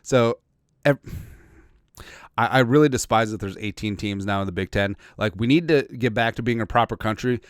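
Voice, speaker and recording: A man with a low, smooth and resonant voice hosts a football podcast, loose and sarcastic. He rambles, repeats himself and lets lines fade into mutters. The sound is close and dry, with no room behind him. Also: moderate pace, no echo. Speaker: podcast host. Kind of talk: casual sports commentary.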